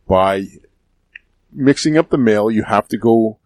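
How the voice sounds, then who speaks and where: A man's voice: fairly low pitch, measured pace, a little mellow, dry recording. A man co-hosting a podcast casually, with a dry, teasing sense of humor. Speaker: podcast co-host.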